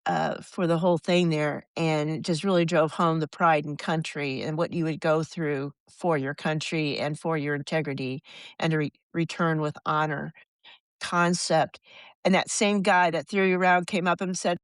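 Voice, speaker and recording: An American woman in her sixties, a podcast guest telling rambling, animated stories and acting out the voices of people she quotes. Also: low voice, moderate pace, no room sound. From United States. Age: 60s. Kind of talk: casual storytelling.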